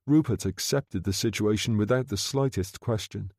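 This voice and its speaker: A man narrating an audiobook in a steady, measured reading. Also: lowish voice, slightly rough, no echo, clean studio sound.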